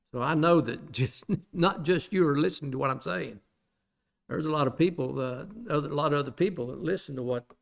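Man preaching with emphatic repetitions. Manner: plain-spoken, repeats phrases for emphasis, asks the listeners rhetorical questions; swings between loud emphatic bursts and quiet low asides. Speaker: pastor teaching a Bible study. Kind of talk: sermon.

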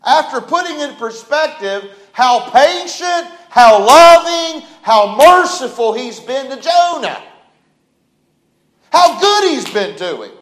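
In an echoey room, a man preaches an emphatic sermon, reading Bible verses, pressing his point, and offering a short prayer. His voice is extremely high and sing-song, slow-paced, with a fairly bright tone.

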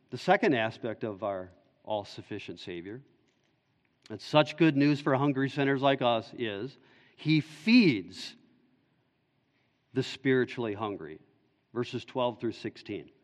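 A male pastor preaching an expository sermon in an earnest, explaining way. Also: mid-range voice. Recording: dull echoey church hall recording.

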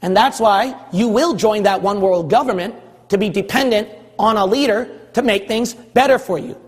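A man from California preaching a sermon as pastor of his church, hammering one phrase over and over and rising into shouts. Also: sits high, moderate pace, husky, big-room sound. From California, USA. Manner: forceful, repetitive exhorting, rising to shouts.

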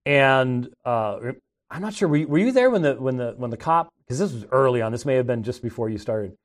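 A man's voice: mid-range voice, animated, a little fast. Middle-aged man telling rambling stories. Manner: rambling and conversational, with frequent restarts. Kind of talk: casual anecdotal storytelling.

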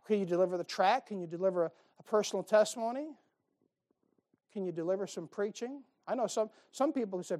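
A man pastor preaching a sermon in a folksy, animated way, firing off rhetorical questions with bits of humor. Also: high voice, fairly quick.

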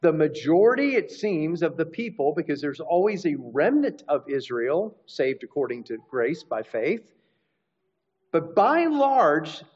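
A man's voice: high voice, darkish tone, husky. A man preaching a teaching sermon, explaining scripture and restarting phrases as he goes. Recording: dull lo-fi recording.

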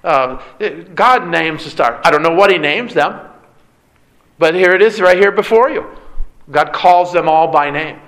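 A man's voice: on the high side, lively intonation, measured pace, a bit bright, rough recording. A man preaching a sermon as a pastor, earnest and conversational, with rhetorical questions.

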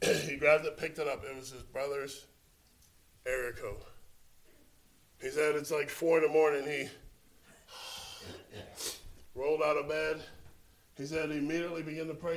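Storytelling male preacher, fairly high voice. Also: little pitch movement, moderate pace, pauses often, echoey room, rough recording. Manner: storytelling, swings from hushed to loud exclamations. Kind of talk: sermon.

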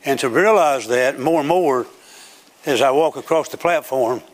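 This is an older man's sermon, spoken at a moderate pace in a medium pitch inside a church sanctuary with a platform. Growing emphatic, he launches into declaiming runs that swell to a loud preaching cadence.

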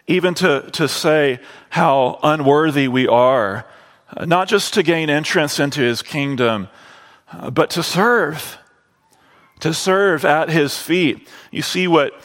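Male preacher, slightly high voice, takes his time, leans hard on key words. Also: fairly bright tone, in a large hall. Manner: slow and deliberate, drawing out key phrases. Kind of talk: sermon.

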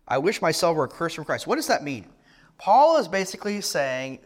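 A man's voice: sits high, big pitch swings, normal speed. A middle-aged man preaching a sermon in an earnest tone, asking rhetorical questions and restarting his phrases.

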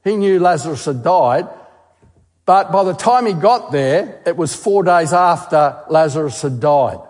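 A man's voice: fairly high pitch, lively intonation, measured pace, a little mellow. A man giving a sermon as a guest speaker, asking questions and repeating key words for emphasis. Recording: long hall reverb.

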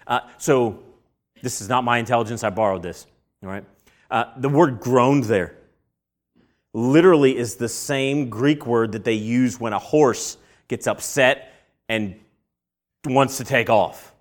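Male preacher, conversational sermon delivery, rhetorical questions, bursts of animated acted voices. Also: a little slow, pauses often. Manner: asks rhetorical questions and answers them; acts out quoted voices with big jumps in pitch and loudness.

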